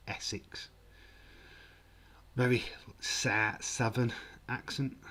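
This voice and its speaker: Fairly low in pitch and a bit bright, the voice belongs to a forty-something livestream host from England with a Yorkshire accent. He's jokey and quick to laugh, swears mildly, and reads out what viewers write.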